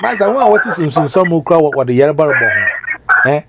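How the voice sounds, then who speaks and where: A man's voice: a little high, animated, brisk. A man, a minister, preaching informally and rambling as he switches languages mid-sentence. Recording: loud background noise.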